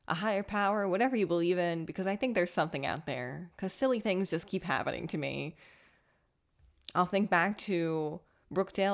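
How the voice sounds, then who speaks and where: A young woman hosting a podcast, talking casually and candidly in a self-mocking, animated way. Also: lowish voice. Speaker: podcast host. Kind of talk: casual solo monologue. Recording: dull lo-fi recording.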